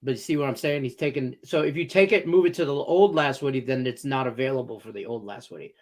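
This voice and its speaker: A man's voice: medium pitch, fast. A man co-hosting a live betting show, joking and swearing in casual banter. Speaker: co-host.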